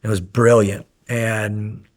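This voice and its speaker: A man guest recounting a story in casual conversation, animated and acting out remembered dialogue with laughs along the way. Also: lowish voice, takes it slowly. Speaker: guest, former special operations medic.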